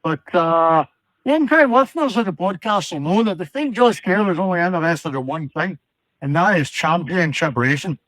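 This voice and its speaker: A man's voice: high voice, expressive, normal speed, a bit bright, dry recording, rough recording. A man putting on a brash, boastful Scottish male runner in a comic phone-in impression, talking trash with a Scottish accent. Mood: cocky boasting. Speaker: caller.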